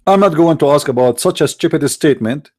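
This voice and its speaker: On a computer mic, a man hosting an online stream taunts his opponents with sarcastic rhetorical questions in a mocking polemic monologue, debating callers as he goes. His voice is a little high and darkish in tone, expressive and brisk.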